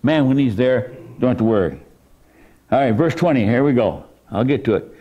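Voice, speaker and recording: Animated preaching man with lively pitch. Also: normal speed. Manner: animated preaching, voice surging high for emphasis. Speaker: pastor. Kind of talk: sermon. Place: church.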